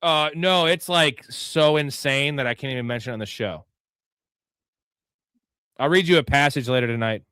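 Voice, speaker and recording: Male host, rambling and profane, smooth clear voice, dry close sound. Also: mid-range voice, moderate pace, pauses often, pushed and bright, no room sound. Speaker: fantasy football show host. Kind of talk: casual live show chat.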